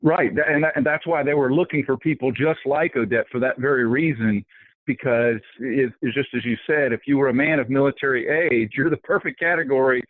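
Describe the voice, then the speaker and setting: A man's voice: mid-range voice, brisk, no room sound. Talkative man on a tinny phone line. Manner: talkative, many fillers and restarts. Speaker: author guest. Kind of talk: interview answers.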